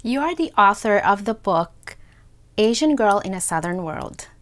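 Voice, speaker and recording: A woman's voice: mid-range voice, sing-song, measured pace. A woman hosting an interview show, introducing her guest and asking questions in a formal, welcoming tone. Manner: formal, welcoming announcer delivery. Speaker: show host.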